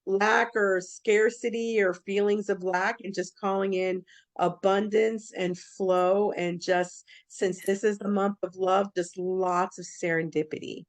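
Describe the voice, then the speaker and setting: A woman's voice: medium pitch, steady tone, measured pace. Easygoing woman on a video call. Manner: easygoing and chatty. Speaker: ceremony participant.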